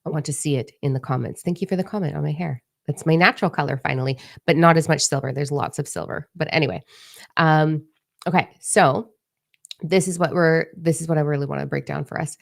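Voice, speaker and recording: Low-voiced woman, frank and swearing. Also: fairly quick, gravelly. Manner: frank, swears freely, rambling and animated. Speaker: spiritual channel host. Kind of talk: casual live-stream talk.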